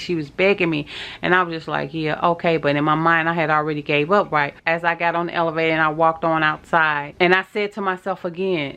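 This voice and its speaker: A woman's voice: deep voice, steady tone, a little fast, bright, forceful tone, smooth, highs cut off. Tearful chatty woman vlogging. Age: middle-aged. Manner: chatty, emotional, talks straight to viewers. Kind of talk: casual storytelling vlog.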